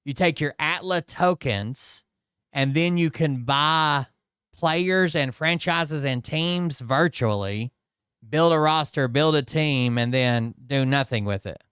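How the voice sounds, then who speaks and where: Skeptical man with smooth, dry voice. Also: on the high side, takes it slowly, fairly bright tone, no room sound. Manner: skeptical, mocking asides with hesitant restarts. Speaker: commentary channel host. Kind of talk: casual reaction commentary.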